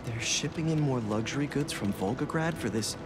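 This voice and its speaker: An actor voicing a young male hero in a video game, quick, wry and determined. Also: mid-range voice, background noise, lightly acted.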